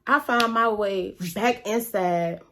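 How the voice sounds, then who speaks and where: A woman vlogger telling a story in a casual, animated, slangy and profane way. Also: mid-range voice, slow, a little hiss or hum.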